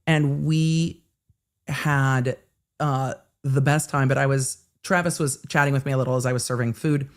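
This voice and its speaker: Her bass voice moves at a normal speed with fairly even intonation. She's a middle-aged livestream host who rambles casually, often starting sentences over while chatting and reading comments from viewers.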